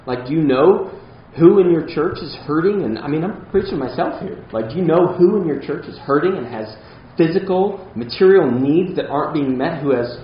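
A man's voice: on the high side, lively intonation, normal speed, few pauses, echoey room, muffled recording, slight background noise. A man preaching a sermon as pastor, earnest and emphatic, with casual asides to the congregation.

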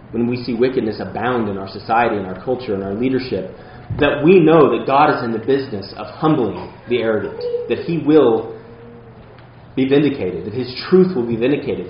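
A man's voice: mid-range voice, reverberant, lo-fi sound, slight background noise. A man preaching a sermon as pastor, earnest and emphatic, with casual asides to the congregation.

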